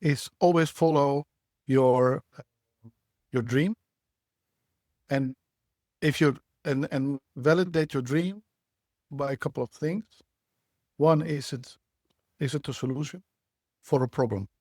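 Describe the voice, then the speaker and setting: A man, a guest on a podcast, speaking in a measured, reflective way with frequent restarts. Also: on the high side, a little mellow, no room sound, clean studio sound. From Netherlands. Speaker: guest, startup CEO. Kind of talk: podcast interview.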